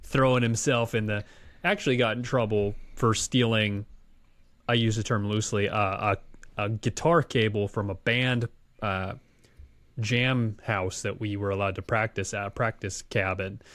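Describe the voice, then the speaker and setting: A man's voice: on the low side, normal speed, no echo. A man co-hosting a podcast, telling a story in casual chat and acting out what people said. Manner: animated storyteller acting out quotes. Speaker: podcast co-host.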